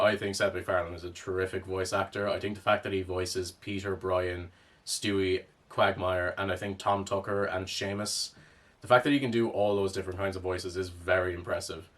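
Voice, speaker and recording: Low flat-voiced Cork Irishman. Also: distant mic. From Ireland. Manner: rambling, wry, swears freely. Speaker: commentator. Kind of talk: casual commentary.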